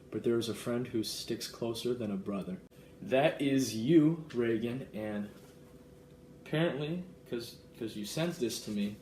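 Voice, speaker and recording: Earnest young man, low voice, roomy echo. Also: a little hiss or hum. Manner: earnest and excitable, reads verses aloud. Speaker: vlogger. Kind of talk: casual vlog, reading a gift card aloud. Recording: roomy echo with faint ambience.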